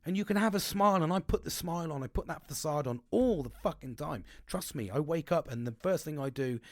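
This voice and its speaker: A man's voice: on the high side, lively intonation, brisk, no echo. Candid, rambling man, dry close sound. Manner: rambling, open and emotional, heavy swearing, many restarts. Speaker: podcast host. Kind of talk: candid personal talk.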